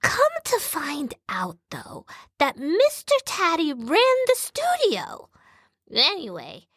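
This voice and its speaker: A sassy little female terrier movie star tells her own tale, as a woman puts her on. The voice sits high and swoops widely, unhurried and bright, and it is recorded dry and close. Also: no room sound, exaggerated voice. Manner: sassy first-person storytelling.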